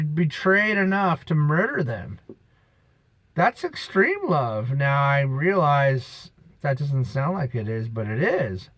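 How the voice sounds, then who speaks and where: A man's voice: on the high side, fairly bright tone, dry recording, rough recording. A man in a rambling, preachy monologue, emphatic and drifting off-topic, talking outdoors on a beach. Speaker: vlogger.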